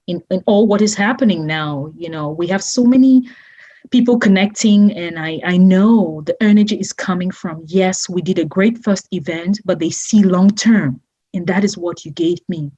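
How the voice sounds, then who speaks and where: A woman's voice: lowish voice, moderate pace, mellow, muffled recording. A woman guest in an interview, speaking effusively and emotionally, often laughing and repeating her images. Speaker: guest, entrepreneur.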